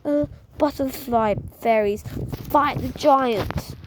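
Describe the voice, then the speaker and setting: A woman's voice: high voice, takes it slowly, background noise. A woman reading the lines of a cheeky, scheming schoolboy in a children's book, hasty and sly. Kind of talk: children's book read-aloud.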